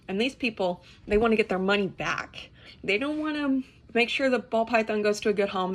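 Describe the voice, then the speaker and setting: Exasperated young woman ranting. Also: mid-range voice. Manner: exasperated, swearing, talks in restarts. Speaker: reptile keeper. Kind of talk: ranting to camera.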